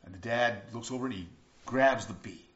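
A man preaching a sermon, earnest, moving between hushed passages and emphatic bursts and repeating words for emphasis. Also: medium pitch, fairly quick, a little hiss or hum. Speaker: pastor. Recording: echoey room, dull lo-fi sound.

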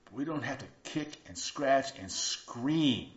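A man preaching a sermon, earnest, moving between hushed passages and emphatic bursts and repeating words for emphasis. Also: medium pitch, lively intonation, measured pace. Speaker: pastor. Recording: echoey room, dull lo-fi sound.

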